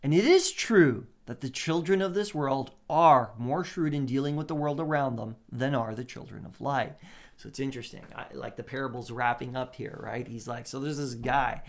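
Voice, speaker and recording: Male pastor, sermon, lively asides, acts out quotes, mid-pitched voice. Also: normal speed.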